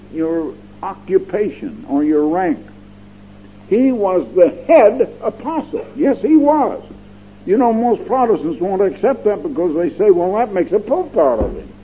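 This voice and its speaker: Older male radio preacher, fairly high-pitched, folksy and digressive, emphatic repeats; tinny lo-fi broadcast sound. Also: a little hiss or hum. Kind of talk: radio Bible-teaching sermon.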